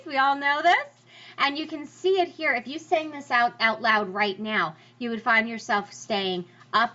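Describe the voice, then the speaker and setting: A woman's voice: fairly high pitch, moderate pace, sharp tone. Encouraging woman teacher, lo-fi. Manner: encouraging, chatty, reassures listeners. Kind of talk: recorded lecture on poetry. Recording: dull lo-fi recording.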